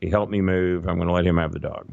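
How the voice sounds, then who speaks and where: Man, gravelly low voice, profane storyteller, muffled lo-fi audio. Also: steady tone, quick pace, darkish tone, no room sound. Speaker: guest storyteller. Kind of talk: casual podcast storytelling.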